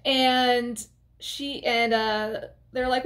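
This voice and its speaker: Woman doing a casual movie recap, kinda high voice, rambly and expressive. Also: unhurried. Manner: chatty and expressive, with lots of filler words and asides. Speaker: movie reviewer.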